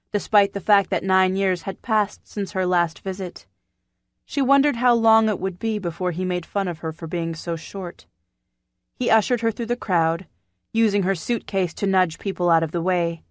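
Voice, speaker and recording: A woman narrating a historical novel audiobook in a measured, even storytelling manner. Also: mid-range voice, dry recording, clean studio sound. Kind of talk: scripted narration. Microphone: studio microphone.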